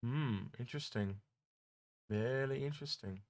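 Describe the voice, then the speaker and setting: A man co-hosting a casual gaming podcast, reading out viewer questions and musing about them in a relaxed way that often trails off. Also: medium pitch, moderate pace, no echo.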